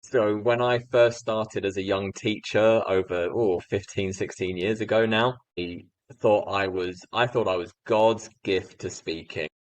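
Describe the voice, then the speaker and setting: A man in his thirties from the UK tells a story with lively swings in his voice. His voice sits fairly low, and the sound is dry and close. He talks like a guest spinning an anecdote in an interview. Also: measured pace, hardly any pauses, dry recording, low-quality recording. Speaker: guest speaker.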